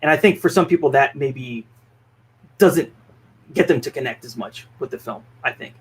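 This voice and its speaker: A man's voice: mid-range voice, normal speed, slightly rough. A man hosting a film podcast, talking through his thoughts in a thoughtful, hedging way. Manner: thoughtful, hedging, many fillers and restarts. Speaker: podcast host. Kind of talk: casual film review chat.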